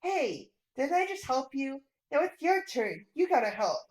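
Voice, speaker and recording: A woman's voice: high-pitched, sing-song, measured pace, reverberant, rough recording. A woman voicing a brave, stubborn young boy who talks in a blunt, urgent way.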